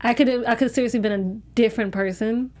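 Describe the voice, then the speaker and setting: A woman's voice: fairly high pitch, steady tone, fairly quick, darkish tone. A woman co-hosting a TV recap in casual chat, candid and emotional, often restarting her sentences. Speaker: co-host.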